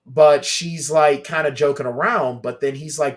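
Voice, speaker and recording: A man's voice: on the high side, normal speed. Man retelling scenes with animation. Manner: animated storyteller, acts out scenes. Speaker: podcast co-host. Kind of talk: casual chat.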